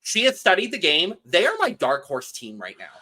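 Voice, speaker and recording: A bright, sharp voice that climbs and dips as she recaps a reality show. She tells it as a story and acts out what she said while watching. Casual podcast chat between co-hosts. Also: mid-range voice, normal speed, low-quality recording. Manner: animated storytelling, acts out her own reactions. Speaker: podcast co-host.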